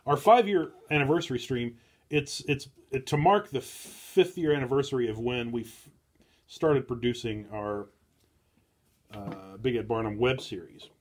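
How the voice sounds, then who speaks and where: A male host of a casual chat show, his pitch sitting in the middle. He speaks in a halting, dry way and often stops to restart his sentences.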